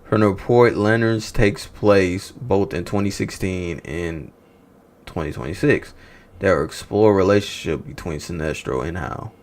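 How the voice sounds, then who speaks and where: Speaking slowly in a deep voice, a man hosts a livestream reacting to movie news. He chats casually with viewers, teasing them with rhetorical banter and swearing freely.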